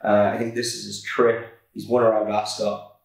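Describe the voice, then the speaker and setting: A man's voice: fairly low pitch, level tone, moderate pace, vocal fry. A man co-hosting a horse racing podcast in a casual, laid-back chat from an office, full of fillers and restarts. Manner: laid-back, filler-heavy, self-correcting. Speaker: podcast co-host, racing tipster. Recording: echoey room, far from mic.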